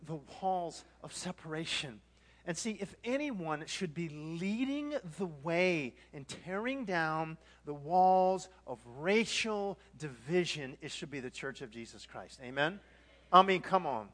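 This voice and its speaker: Animated male pastor, high voice, preaching in a large reverberant church hall. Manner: animated, acts out dialogues, repeats words. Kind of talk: sermon.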